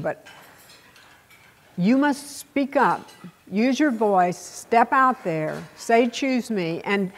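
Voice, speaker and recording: An older woman with a Texas accent giving a keynote speech, telling blunt, salty stories with dramatic pauses. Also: medium pitch. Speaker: keynote speaker.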